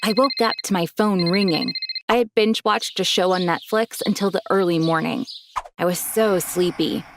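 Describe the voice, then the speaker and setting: A woman's voice: fairly low pitch, normal speed, noisy background. A woman narrating a first-person storytime in a chatty way.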